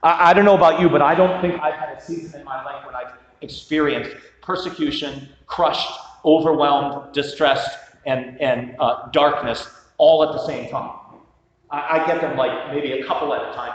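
A man's voice: fairly high pitch, moderate pace. A male pastor preaching a sermon in a conversational way, with self-deprecating humor. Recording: roomy hall with long reverb, dull sound.

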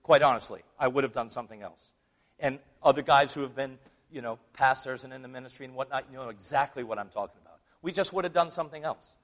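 A man's voice: mid-range voice, fast talker, a bit bright. Man preaching in an echoing hall. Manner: conversational preaching, rising to emphatic scripture reading. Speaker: pastor. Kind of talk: sermon. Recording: long reverb of a church hall.

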